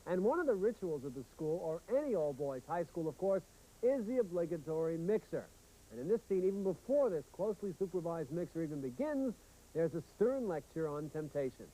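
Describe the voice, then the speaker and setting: A man's voice: a little high, very animated, brisk, dark tone, low-quality recording. A man co-hosting a TV film review show, enthusiastic and chatty. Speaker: film critic, co-host. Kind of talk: scripted TV review.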